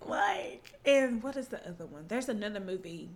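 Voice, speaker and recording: A young woman co-hosting a podcast, telling stories in a casual, animated way and laughing often. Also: mid-range voice, normal speed, noisy background. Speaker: podcast co-host. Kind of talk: casual chat.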